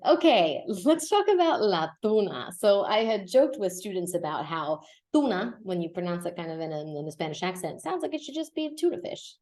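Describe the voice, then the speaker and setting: Woman, Spanish teacher, slightly low voice, patient explanations, mixes English and Spanish. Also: big pitch swings, moderate pace, darkish tone. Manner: explains patiently, checks in with "okay?" and "right?"; switches between English and Spanish. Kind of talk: podcast language lesson.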